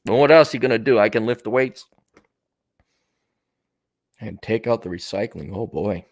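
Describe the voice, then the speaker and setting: Speaking at an ordinary pace in a fairly low voice, this podcast host delivers a wandering solo monologue. He thinks out loud with a sardonic edge, using little voices to act out what's in his head.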